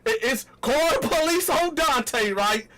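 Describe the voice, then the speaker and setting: A man telling a story casually to his viewers, talking straight to them and acting out the quoted lines loudly. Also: extremely high pitch, expressive, unhurried. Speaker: storytelling vlogger.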